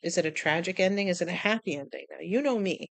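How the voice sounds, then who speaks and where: A woman vlogger chatting casually about writing, animated, laughing often and acting out little quotes. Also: on the low side, quick pace, gravelly, no room sound. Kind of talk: casual chat.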